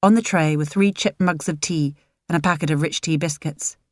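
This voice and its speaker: Woman, audiobook narrator, measured, low voice, dry close sound. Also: dry recording.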